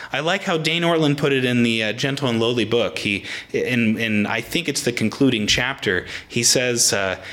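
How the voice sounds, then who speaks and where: A man's voice: medium pitch, fairly bright tone. A man preaching a conversational sermon in a plain, casual way, often restarting his sentences.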